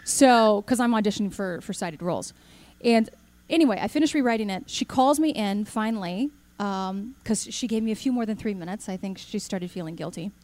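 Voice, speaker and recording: A woman giving a talk to an audience, telling a personal story with lively acted-out dialogue and questions to the crowd. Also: medium pitch, a little fast. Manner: animated storyteller, acts out quoted dialogue, asks the audience questions. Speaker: speaker.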